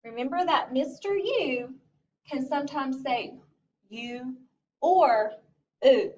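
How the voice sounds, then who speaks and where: A woman teacher walks young children through a phonics lesson in a slightly high voice that rises and falls a lot. She speaks slowly, clearly and encouragingly. She sits back from the mic, and the recording sounds dull and lo-fi. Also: expressive. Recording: distant lo-fi recording.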